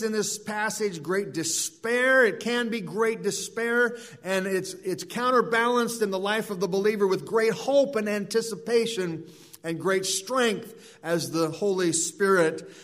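A pastor preaches a sermon in an earnest voice that sits a little high for a man and sounds a bit bright. Working through his point, he often repeats words and restarts phrases.

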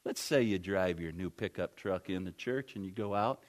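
A man's voice: sits low, moderate pace. A man preaching a sermon, telling the story in a rambling way full of fillers.

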